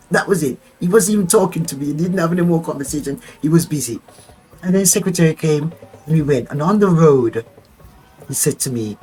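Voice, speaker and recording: An older woman telling a personal story as an interview guest. She is an animated storyteller who acts out dialogue and laughs often. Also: sits low, quick pace, rough recording.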